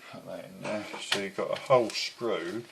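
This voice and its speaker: A man's voice: low voice, moderate pace, gravelly, very noisy. A man reviewing a model kit in a chatty, rambling way at home. He is a bit out of breath, swears now and then and often loses his thread.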